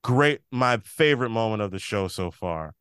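A man's voice: fairly low pitch, expressive, moderate pace, a bit bright, clear, resonant tone, no echo, clean studio sound. A man co-hosting a podcast, casually recapping a TV episode and acting out characters' lines as he retells the scenes. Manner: loose, rambling delivery. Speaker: podcast co-host.

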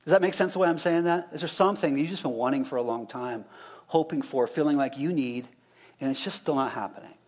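A man's voice: fairly high pitch, fast talker, darkish tone. A male pastor giving an interactive sermon, talking casually and asking the congregation questions, then repeating their answers back.

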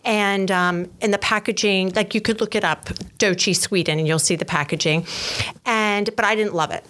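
A woman with an American accent, a company founder chatting as an interview guest, telling her story in a lively way with many fillers. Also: mid-range voice, normal speed. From United States. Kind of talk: casual interview chat.

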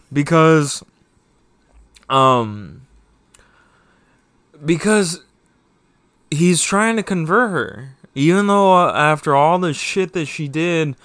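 A man's voice: on the high side, fairly bright tone, clean tone, dry recording. A man giving a casual, rambling spoken review of a TV season, swearing often and getting heated. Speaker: show reviewer.

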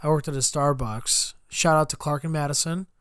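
A man's voice: fairly high pitch, steady tone, fairly quick, fairly bright tone, clean tone, no echo, clean studio sound. A man co-hosting a podcast, telling a long rambling story in casual chat and acting out customers in quotes. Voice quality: swears freely. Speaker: podcast co-host.

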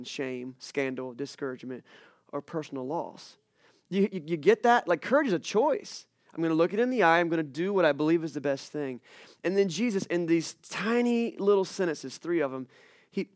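A man's voice: sits high, no room sound, studio quality. A young man preaching a casual sermon, telling stories and acting out voices and screams. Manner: casual, storytelling, animated with acted-out screams. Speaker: pastor.

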